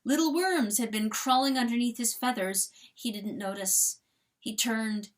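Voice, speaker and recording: A woman giving a slow, intense dramatic reading of a novel as the channel's reader. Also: fairly high pitch. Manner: slow, intense, expressive narration. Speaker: audiobook reader.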